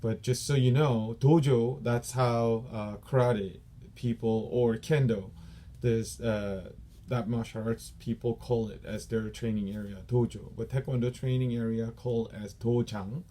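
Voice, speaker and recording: A man's voice: mid-range voice, fairly even intonation, warm tone, a little hiss or hum. A man with a Korean accent, a taekwondo instructor, patiently explaining and repeating Korean training terms for his students. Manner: explains patiently, repeats each term slowly. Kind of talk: teaching Korean dojang terms.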